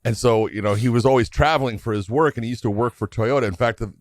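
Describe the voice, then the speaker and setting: A middle-aged man co-hosting a podcast, telling a long story in a casual, animated way and acting out the voices of the people in it. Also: mid-range voice, quick pace, no room sound. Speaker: podcast co-host.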